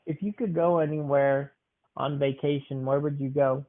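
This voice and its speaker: A man's voice: on the high side, steady tone. A young man hosting a casual podcast, playfully asking his grandmother questions. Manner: playful, asks quick questions. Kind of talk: casual chat. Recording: tinny phone-like sound.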